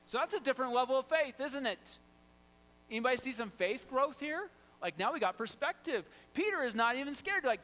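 Animated man preaching a sermon. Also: very high-pitched, fairly quick, rough recording. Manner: animated, quizzes the congregation; swings from loud to hushed. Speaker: pastor.

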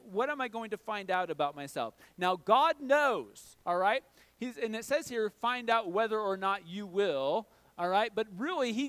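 A man's voice: high-pitched, fairly bright tone, no room sound. A middle-aged man preaching a sermon in a conversational way, often checking in with "all right?". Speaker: pastor.

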